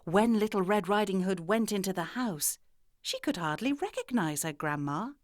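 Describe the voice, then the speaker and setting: Expressive woman reading children's stories. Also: mid-range voice, moderate pace, dry recording, studio quality. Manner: expressive, storytelling. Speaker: narrator.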